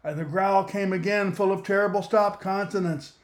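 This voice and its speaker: A man's voice: high voice, fairly even intonation, moderate pace. A man narrating a children's story in a playful, theatrical way, talking straight to the listener.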